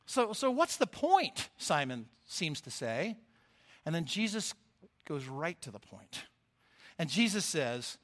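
A middle-aged man giving a sermon as a lay preacher, telling the story in an expressive, animated way. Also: high-pitched, a little slow.

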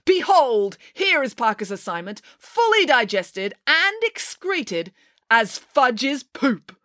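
A woman's voice: high voice, very animated, slow, pushed and bright, no echo, clean studio sound, pitched above the performer's own voice, full character voice. A woman voicing an unflappable, matter-of-fact young girl detective in a storybook reading. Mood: triumphant.

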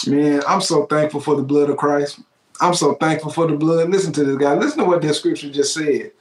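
A man preaches with fervor, and his fairly high voice rings through an echoey room. He exclaims and repeats key phrases to drive each point home. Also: fairly even intonation, a little fast. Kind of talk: sermon.

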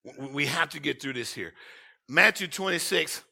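High, gravelly preaching man. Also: expressive, moderate pace. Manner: preaching that swings from shouts to low asides. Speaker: pastor. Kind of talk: sermon.

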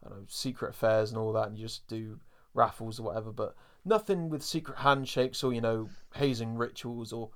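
A man's voice: medium pitch, fairly even intonation, a little fast, hardly any pauses. A man co-hosting a podcast, chatting casually and laughing often as he recaps a cartoon episode, with lots of fillers. He is from England. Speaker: podcast co-host.

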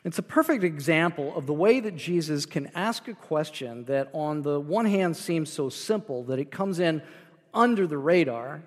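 Pastor man preaching in an echoing hall. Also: fairly high pitch. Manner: explains scripture verse by verse, with repeated restarts. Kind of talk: sermon.

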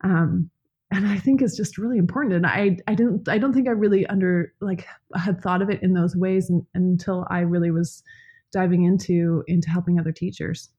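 A woman's voice: on the low side, steady tone, moderate pace, warm tone, husky, muffled recording. A woman in casual podcast talk, smiley and chatty, often restarting her sentences. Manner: smiley, talkative, many restarts. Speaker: podcast co-host, yoga teacher.

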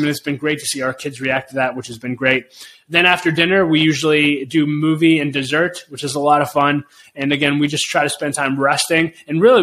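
A man's voice: a little high, fairly bright tone, a little hiss or hum. A middle-aged man hosting a podcast, talking alone in an earnest, encouraging way and repeating his key phrases for emphasis. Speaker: podcast host. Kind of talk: solo motivational podcast talk.

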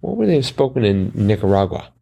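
A man's voice: lowish voice, big pitch swings, fairly quick, creaky, mellow, husky. A man co-hosting a crossword podcast, chatting casually with wry puns and many fillers. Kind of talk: casual chat.

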